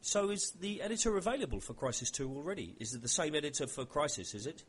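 A man hosting an interview, asking questions in a relaxed, conversational way. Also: a little high, fast, husky. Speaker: interview host. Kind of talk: casual interview talk.

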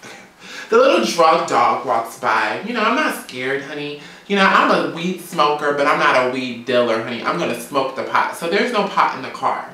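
A woman from Georgia, telling a story in a sassy, animated, profane vlog rant. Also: sits low, normal speed, far from the mic. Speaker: vlogger. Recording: very echoey room, away from mic.

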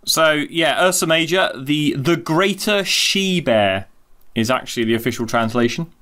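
Bloke with a slightly high voice on a video call, cheeky and irreverent, swears a bit. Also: male voice, animated, normal speed, sharp tone. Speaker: co-host. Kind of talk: casual storytelling chat.

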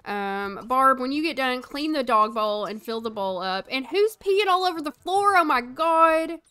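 A woman's voice: high voice, lively intonation, measured pace, bright, forceful tone, clean tone. A young woman streaming a life-sim game, chatting casually, telling her characters what to do and answering her chat. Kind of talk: live gameplay commentary.

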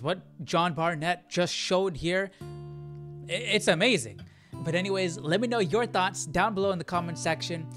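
A man's voice: high-pitched, a bit bright. A man hosting a casual reaction video, chatty and curious, thinking aloud as he reads through texts. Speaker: host.

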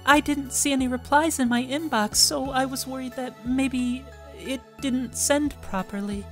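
A man voicing a cheerful, eager teenage schoolgirl in a high, sweet, girlish voice while reading a visual novel aloud. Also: fairly even intonation, unhurried, soft background music. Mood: concerned. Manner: bright high put-on girlish voice, breathless and sweet.

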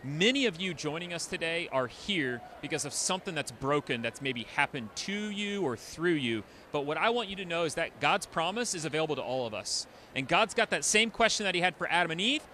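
A man gives closing remarks for a church broadcast, talking conversationally with occasional fillers. His voice is bright and forceful, a bit high for a man, with faint background noise from outdoors. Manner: warm, conversational, with filler words. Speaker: church host. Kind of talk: closing remarks to online viewers.

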